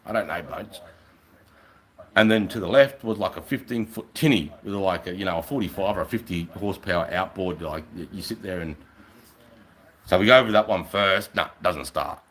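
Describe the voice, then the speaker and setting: An Australian man, a middle-aged army veteran, telling war stories on a live stream in a casual, profane, animated way. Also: low-pitched, normal speed, poor audio. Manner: profane, animated, acts out voices. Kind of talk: casual storytelling.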